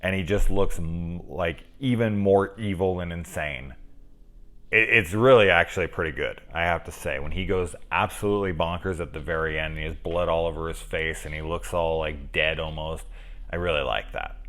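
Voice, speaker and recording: Lowish-voiced man ranting about a film. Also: normal speed. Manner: animated, profane, acts out lines. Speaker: film reviewer. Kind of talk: casual spoken film review.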